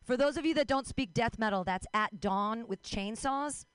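A young woman works through a stand-up set out in the street, wry and self-mocking, tossing off quick asides. Her voice sits a little high, and the sound is close and dry with no room around it. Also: a bit bright, smooth, no room sound. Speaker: stand-up comic. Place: street outdoors.

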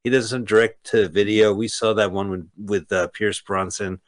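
A man's voice: on the low side, steady tone, normal speed. A man co-hosting a radio show who rambles casually and wryly through movie trivia. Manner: rambling, wry, trivia-minded. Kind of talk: casual movie commentary chat.

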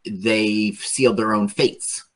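A man's voice: lowish voice, fairly even intonation, takes it slowly, a bit bright. A man co-hosting a casual comedy show, joking and laughing often. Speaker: podcast co-host. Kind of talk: casual comedic chat over a video.

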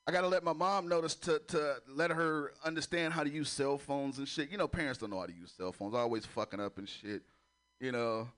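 A man's voice: medium pitch, brisk. A man doing a crude stand-up routine on a comedy club stage, laughing at his own jokes as he tells stories. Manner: crude, laughing, animated storytelling.

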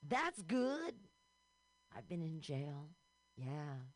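Lively, unhurried woman host. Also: sits low, no room sound.

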